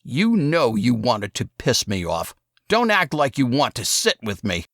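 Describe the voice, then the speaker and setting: A man voicing an angry, defiant young man in an audiobook, snapping back in heated, sharp retorts. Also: medium pitch, very animated, measured pace, no room sound, clean studio sound, pitched above the performer's own voice, heavily acted.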